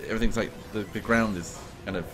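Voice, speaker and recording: A British man hosting a casual chat, talkative and quick to laugh, often trailing off into fillers. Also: on the low side, fairly even intonation. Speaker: host. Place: office studio.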